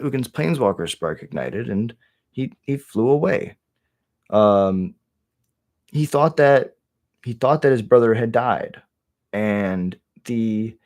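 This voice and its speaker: A man's voice: on the low side, a little mellow. A young man casually retelling fantasy game lore, rambling with lots of fillers and restarts. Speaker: lore video creator.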